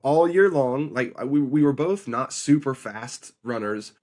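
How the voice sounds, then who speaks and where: A young man, the older brother, telling a story in a lively way with frequent laughs. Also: mid-range voice, a little slow. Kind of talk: casual storytelling.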